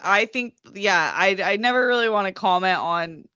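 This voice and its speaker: Woman, guest, casual chat, hesitant, medium pitch, dull close sound. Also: moderate pace, bright, forceful tone, clear, resonant tone, dry recording. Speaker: guest co-host.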